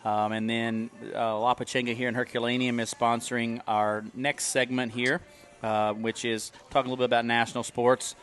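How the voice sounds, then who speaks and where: A man's voice: medium pitch, level tone, moderate pace, hardly any pauses, a bit bright. A man co-hosting a local sports talk show, explaining sponsorships in a loose, rambling way with many fillers. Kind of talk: casual talk show chat.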